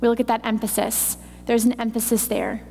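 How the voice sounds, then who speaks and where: A woman's voice: on the high side, sing-song, fairly quick, gravelly, warm tone, soft background music. A woman preaching a sermon in a church, teaching with emphatic repetition. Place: church hall. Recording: long hall reverb, faint noise.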